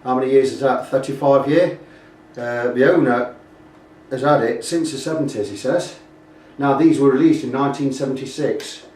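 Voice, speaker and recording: A man's voice: medium pitch, moderate pace, darkish tone. A British man talking casually through a guitar repair, rambling and pointing out faults as he goes. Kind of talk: casual workshop walkthrough. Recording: echoey room, mic at a distance.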